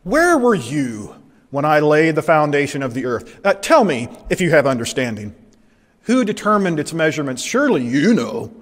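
A preacher voicing a booming, sarcastic God. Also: male voice, sing-song, moderate pace. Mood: commanding. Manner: booming rhetorical questions, mocking sarcasm. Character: sarcastic, towering male God, commanding. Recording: long hall reverb.

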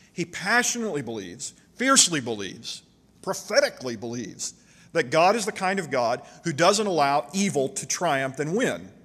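A man's voice: fairly high pitch, fairly bright tone. Impassioned male preacher in a reverberant sanctuary. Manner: impassioned, dramatic readings with slowed emphasis. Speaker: pastor. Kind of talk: sermon.

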